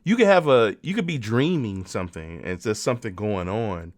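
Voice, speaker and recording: A man's voice: lowish voice, lively intonation, a little fast. A man co-hosting a podcast in casual chat, musing and profane, dropping into mock outbursts. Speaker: podcast co-host.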